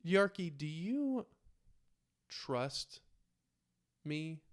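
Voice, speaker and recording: A man voicing Ulfric, a brawny male warrior who speaks in hesitant, halting sentences. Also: on the high side, big pitch swings, pitched above the performer's own voice, exaggerated voice. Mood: earnest.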